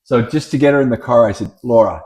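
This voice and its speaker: A middle-aged man and father of three on a casual podcast, telling stories with repeated words and acted-out shouts. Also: mid-range voice, quick pace. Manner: lively storyteller, repeats words, acts out shouting. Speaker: podcast co-host. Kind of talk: casual chat, storytelling.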